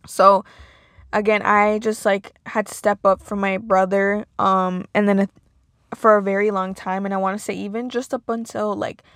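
A young woman hosts a podcast, talking casually and emotionally about her past in a personal monologue packed with "like"s. Her medium-pitched voice is flat in delivery, fairly bright, and moves at a moderate pace. The studio-quality recording has no room sound.

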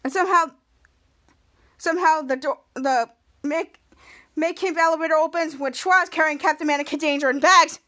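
High-voiced woman rambling through a recap. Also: normal speed, long pauses, pushed and bright. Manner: rambling, repetitive "cut to" narration. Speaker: podcast host. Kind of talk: scene-by-scene episode recap.

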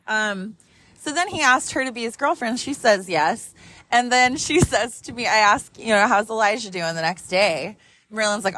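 A woman in her thirties, a mother, telling a story in a casual, animated way, swearing freely and laughing often, talking while driving her car. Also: on the high side, normal speed, slight background noise.

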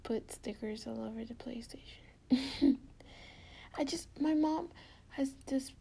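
A woman chatting intimately and casually to her partner, giggly and rambling in a soft, often half-whispered voice. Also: sits high, takes it slowly, creaky, slightly rough. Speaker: podcast host talking to her partner. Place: indoors at home.

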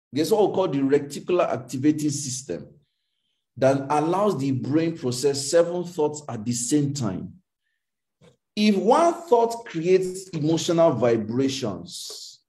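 A man's voice: sits high, warm tone. A man, coaching a live emotional intelligence session in an emphatic, repetitive, preacher-like cadence. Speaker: motivational coach.

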